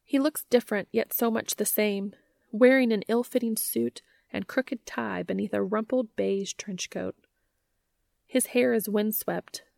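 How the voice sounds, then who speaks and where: A woman narrating a story aloud in a measured, gentle manner. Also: mid-range voice, gravelly, no room sound, studio quality. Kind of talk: reading fan fiction aloud.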